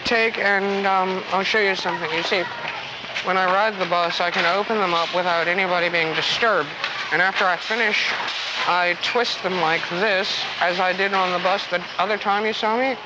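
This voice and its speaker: A man's voice: sits high, fairly even intonation, normal speed. A man in his twenties asking strangers for money outdoors, using stiff, overly formal, polite phrasing. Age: 20s. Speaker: homeless man panhandling. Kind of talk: documentary street recording. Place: outdoors on city streets. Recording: noisy street recording.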